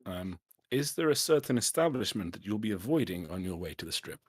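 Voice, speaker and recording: A man running a tabletop game as game master, laid-back and quick to laugh. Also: sits low, very animated, breathy edge, dry recording.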